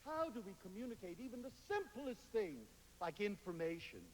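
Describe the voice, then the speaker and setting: A man giving a lively lecture to an audience, telling stories and slipping into playful voices when he quotes people. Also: high voice, normal speed. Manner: animated storyteller, quotes others in playful voices. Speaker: public speaker. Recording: hall reverb, faint hiss.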